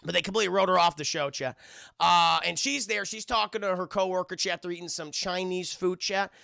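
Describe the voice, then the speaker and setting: A male streamer chats loosely and profanely through an episode recap, turning to his viewers every few words. His voice is high, bright and heavily gravelly. The sound is dry and close-miked. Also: brisk, no echo. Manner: rambling, profane, keeps addressing chat. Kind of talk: casual live-stream commentary.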